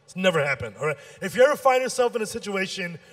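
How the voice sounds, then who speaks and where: Animated high-voiced man doing stand-up. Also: quick pace. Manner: animated storytelling, acting out dialogue with shifts in pitch. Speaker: stand-up comedian and emcee. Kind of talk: stand-up comedy set.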